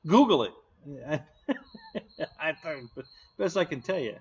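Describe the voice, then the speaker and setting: A man hosts a casual live stream, joking back at his chat and laughing often. His voice rises and falls a lot and sits a little high. The stream audio is dull and lo-fi. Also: animated, slow pace, husky.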